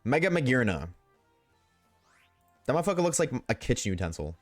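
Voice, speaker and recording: Medium in pitch with big swings, this young streamer talks briskly, joking profanely and responding to viewers as he games. No echo, soft music underneath.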